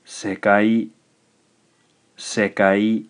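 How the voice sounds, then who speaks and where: A man teaching in a recorded video lesson, patient and slow, saying each syllable out clearly. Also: lowish voice, flat delivery. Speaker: language teacher.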